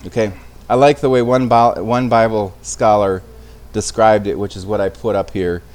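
A man's voice: fairly low pitch, steady tone, moderate pace, darkish tone. A man teaching an informal Bible study in a conversational way, often restarting phrases and checking in with his listeners. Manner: conversational, with frequent restarts and tag questions.

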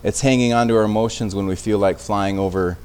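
A man with a somewhat low voice teaches an evening Bible study in a relaxed, conversational way. He often restarts his phrases and checks in with his listeners along the way. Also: fast talker, slight background noise. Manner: conversational, with frequent restarts and tag questions.

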